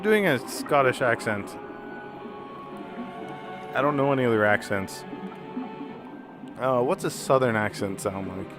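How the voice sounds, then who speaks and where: Slow, rambling American gamer. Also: male voice, mid-range voice, lively intonation, over music. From United States. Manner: rambling, self-mocking, unsure. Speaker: let's play gamer. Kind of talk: casual gameplay commentary.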